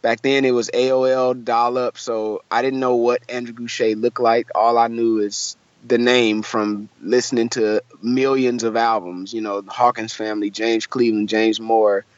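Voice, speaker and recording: A young man from Michigan tells a long story in a relaxed interview, acting out the quoted voices with plenty of likes and you-knows. His voice sits at a middle pitch. The sound is dry and a little dull. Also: normal speed, hardly any pauses, no room sound. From Michigan, USA. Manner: animated storyteller, acts out quoted voices, lots of fillers. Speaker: musician guest.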